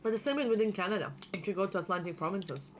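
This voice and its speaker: A woman's voice: medium pitch, racing, a little hiss or hum. A woman with a slight Russian accent, chatting casually and agreeably at a home meal. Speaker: channel host. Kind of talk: casual mukbang chat. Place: home dining table.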